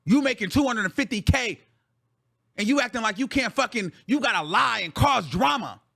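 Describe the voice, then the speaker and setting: A man's voice: very high-pitched, animated, moderate pace, vocal fry, pushed and bright. A male show host in a heated, profane reaction rant, venting with repeated phrases.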